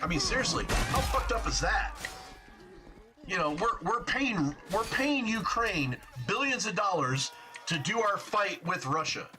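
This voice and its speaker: A man's voice: high-pitched, lively intonation, unhurried, sharp tone, soft background music. A man from the United States chatting while gaming, ranting about politics in an opinionated, profane way. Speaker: game streamer. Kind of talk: casual chat while gaming.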